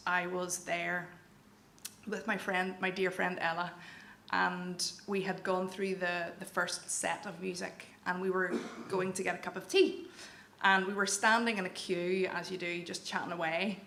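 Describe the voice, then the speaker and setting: Gravelly Northern Irish woman telling a story. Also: lowish voice, flat delivery, measured pace, a bit bright. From Northern Ireland, County Down. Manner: candid, self-deprecating, wry. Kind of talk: live personal storytelling. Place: event venue with audience. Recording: echoey hall with faint room noise.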